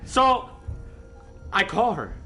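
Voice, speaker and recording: A man telling a story in casual chat with friends, animated and swearing, often laughing and acting out people's voices. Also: high-pitched, drawn-out words, faint music behind. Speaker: streamer. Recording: faint background noise.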